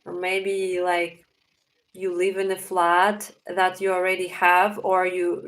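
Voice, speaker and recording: A woman's voice: lowish voice, monotone, measured pace, low-quality recording. A young woman with a Russian accent, hosting a casual livestream, answering chat questions while thinking aloud with fillers. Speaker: livestream host reading chat.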